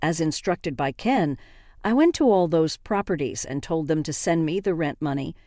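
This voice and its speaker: A woman's voice: low voice, expressive, normal speed, mellow, no room sound, clean studio sound. A woman narrating a first-person story in a conversational, indignant way.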